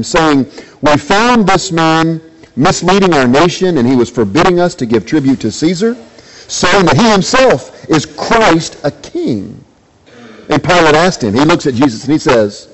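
A pastor delivering a sermon in a fairly high male voice. He reads passages aloud, then presses his listeners with repeated rhetorical questions. When he quotes someone, his pitch lifts. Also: poor audio.

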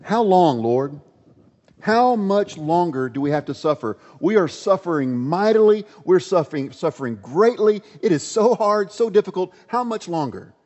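A man voicing an anguished prophet who pleads urgently with God, raised and loud, in an echoey, dull-sounding hall. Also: high-pitched, sing-song, normal speed, voice pushed up. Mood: pleading.

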